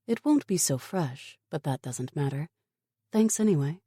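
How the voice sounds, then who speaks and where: A woman voicing a gentle, kind woman doctor in an audiobook, on a low, dark voice. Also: animated, unhurried, slightly rough, no echo, studio quality, exaggerated voice.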